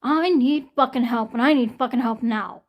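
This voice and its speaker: A woman's voice: a little high, normal speed, dull audio. Distressed young woman venting about pain. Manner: distressed, venting, swearing often. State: shaking from pain, near tears. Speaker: vlogger. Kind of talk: emotional personal vlog.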